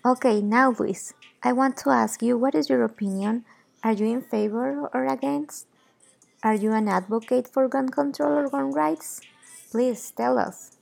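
A fairly high-pitched woman in her thirties with a Mexican Spanish accent hosts a podcast, reading her lines carefully in a gravelly, fry-tinged voice. Faint music plays under her. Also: a little slow, a little mellow. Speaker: podcast host. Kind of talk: scripted podcast hosting.

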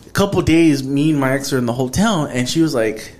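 A man's voice: mid-range voice, lively intonation, a little fast, darkish tone. A man hosting a podcast in casual chat, telling stories loosely and swearing often. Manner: loose storytelling full of profanity and "bro". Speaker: podcast host.

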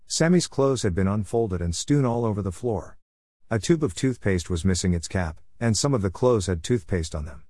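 A man with a fairly low voice tells a family story in the first person, steady and even. The sound is close and dry, with no room around it. It has the calm pace of a read storybook. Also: moderate pace, no echo. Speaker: audiobook narrator.

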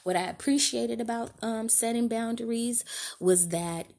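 A woman's voice: on the high side, normal speed, a little mellow. A woman hosting a podcast, giving a candid, slangy monologue straight to her listeners. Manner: candid, slangy and conversational, addressing listeners directly. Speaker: podcast host. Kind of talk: casual heartfelt monologue.

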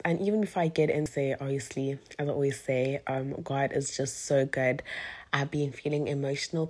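A woman's voice: low-pitched, a little mellow, slightly rough. A young woman hosting her own podcast in casual, giddy, rambling chat, often saying "like". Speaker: podcast host.

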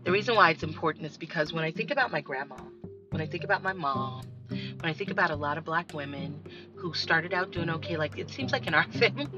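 A woman hosting a podcast, talking bluntly in a candid, profane monologue with animated storytelling. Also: deep voice, quick pace. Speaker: podcast host. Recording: dull lo-fi recording with faint music.

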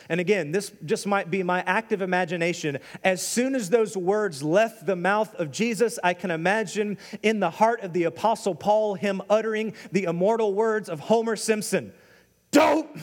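A high-pitched man delivers an animated sermon as pastor, throwing himself into quoted lines with sudden leaps in pitch. His voice rings out with a long reverb tail, as in a large church hall. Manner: animated preaching, acting out quotes with big pitch jumps.

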